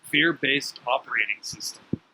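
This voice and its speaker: Bright-voiced man giving a motivational talk. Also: mid-range voice, normal speed, slight background noise, low-quality recording. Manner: storytelling, emphatic with sudden lively jumps. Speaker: spiritual teacher.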